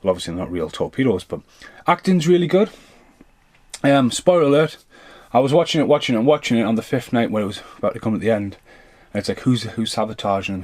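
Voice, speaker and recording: A man's voice: fairly low pitch, a little mellow, no echo. A man in his thirties or forties doing an unscripted film review rant, rambling, swearing freely and drifting off on tangents.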